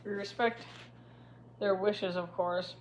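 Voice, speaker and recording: A woman's voice: medium pitch, steady tone, slow pace, a little hiss or hum, natural voice. A woman voicing a scheming middle-aged male official who speaks in a lazy, self-satisfied drawl. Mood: sly drawl.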